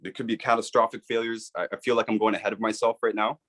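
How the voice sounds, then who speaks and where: Earnest low-voiced man explaining. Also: flat delivery, fast, a bit bright. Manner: earnest, persuasive, repeats "right?". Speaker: author and guest. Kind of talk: explanatory interview talk.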